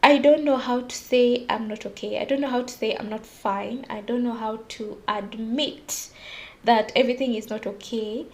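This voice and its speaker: A young woman hosting a casual solo podcast, confiding and animated, often laughing at herself. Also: fairly high pitch, normal speed. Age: young adult. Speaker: podcast host.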